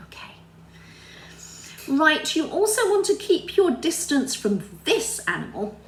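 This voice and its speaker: Woman, children's teacher, lively sing-song voice, roomy echo, faint hum. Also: high voice, unhurried. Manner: animated, sing-song, quizzing the listener. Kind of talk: storytelling lesson for young children.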